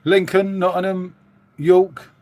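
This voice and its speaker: A man's voice: sits high, little pitch movement, slow pace, darkish tone, no echo. A middle-aged Englishman, chatting casually and rambling to viewers on a live stream. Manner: chatty, rambling, matey, reading out viewer comments. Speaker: livestream host.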